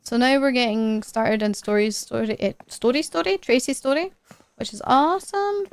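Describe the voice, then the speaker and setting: A woman's voice: on the high side, normal speed, vocal fry, clean tone. A woman streaming a game live, chatting to herself as she plays and laughing often.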